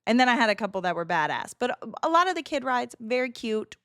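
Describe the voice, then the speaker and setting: A woman livestreamer talks casually to her chat, telling lively stories with frequent laughter and the odd curse word. Her voice sits a little high, and the sound is close and dry with almost no room around it. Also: fast, smooth, no echo. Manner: chatty animated storytelling, frequent laughs and swearing. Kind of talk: casual chat with stream viewers. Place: home streaming setup.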